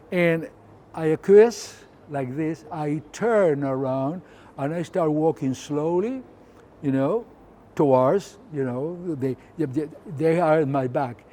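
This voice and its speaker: A man in his seventies from Argentina with an Argentine Spanish accent, a photographer who tells his story in a lively way, acting out scenes with sound effects and quoted voices. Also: fairly high pitch, a little hiss or hum. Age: 70s. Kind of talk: personal storytelling.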